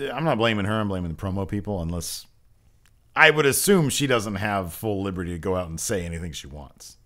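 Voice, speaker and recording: A man's voice: mid-range voice, fairly bright tone. A man co-hosting a casual wrestling review podcast, loose and jokey, rambling with asides. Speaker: podcast co-host. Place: home podcast set.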